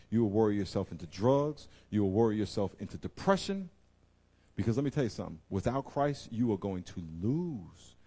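A man preaching a sermon to his congregation, with emphatic delivery that swings from loud exclamations to quiet intensity and repeatedly addresses the audience directly. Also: lowish voice. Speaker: pastor.

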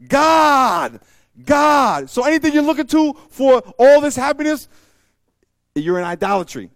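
A man preaching a sermon as pastor, emphatic and repeating phrases, swinging between loud preaching and quiet asides. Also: very high-pitched, dry recording.

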